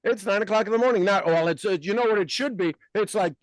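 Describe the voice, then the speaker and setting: A man hosting a casual podcast conversation as a life coach, talking in an emphatic, blunt and animated way. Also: high voice, fast, dry recording, clean studio sound.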